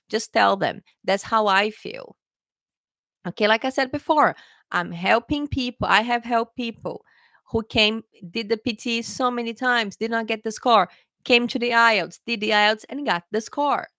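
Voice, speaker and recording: A woman's voice: mid-range voice, a bit bright, no room sound. A woman tutoring English test takers in a casual live question-and-answer lesson, chatty and often adding "okay, guys".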